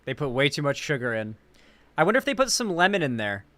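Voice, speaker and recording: Midwest American male host, higher bright voice, loose sweary commentary. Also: fast talker, dry recording. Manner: animated, sweary, rambling. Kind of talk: casual reaction commentary.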